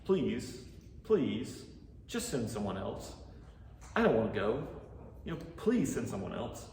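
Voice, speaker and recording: A man's voice: mid-range voice, sing-song, a little mellow, a little hiss or hum. A man voicing a reluctant male prophet who stammers and pleads, in an echoey hall far from the mic. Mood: begging. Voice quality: halting, stammering.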